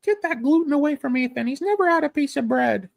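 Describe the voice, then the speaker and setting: Guy doing a squeaky snooty rich mom, fussy and prim, dry mic. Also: lively intonation, fast, creaky, dry recording, heavily acted. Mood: shrill. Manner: shrill and prim, mocking.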